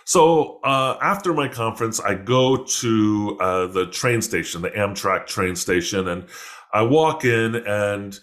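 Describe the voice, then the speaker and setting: A man hosting a podcast, telling a personal story in a rambling, self-correcting way, with lively voices when he quotes people. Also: lowish voice, takes it slowly. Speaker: podcast host. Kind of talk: casual storytelling.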